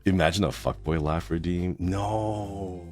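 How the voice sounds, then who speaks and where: A man's voice: low voice, unhurried, darkish tone, faint music behind. A man in his thirties chatting casually on a live stream, reacting to chat with groans and laughs. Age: 30s.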